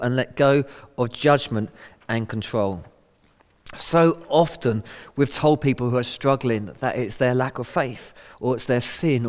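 A man's voice: mid-range voice, long reverb tail. A middle-aged man giving a conversational, earnest sermon talk, acting out quotes as he goes. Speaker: Christian speaker.

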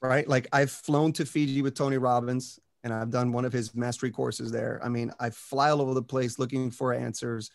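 A man with a gravelly, creaky voice, sitting in as a guest on a podcast. He talks with the drive of a motivational speaker and keeps checking in with his listeners as he goes. His voice sits at an ordinary male pitch and sounds dry and close. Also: normal speed, few pauses, no room sound. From Puerto Rico and the US. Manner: energetic motivational speaker, peppers talk with "right?" and "you know". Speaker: interview guest. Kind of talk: casual podcast conversation.

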